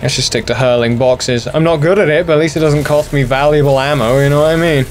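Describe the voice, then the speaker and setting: A man's voice: on the high side, fairly even intonation, quick pace, slight background noise. A young man hosting a gaming channel, chatting casually and mocking himself as he plays. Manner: self-deprecating, sweary, chatty. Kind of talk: casual let's play commentary.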